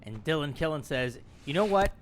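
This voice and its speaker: A man's voice: fairly high pitch, animated, brisk. A man reading viewers' questions aloud in a casual, joking way. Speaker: co-host reading chat questions. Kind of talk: casual chat.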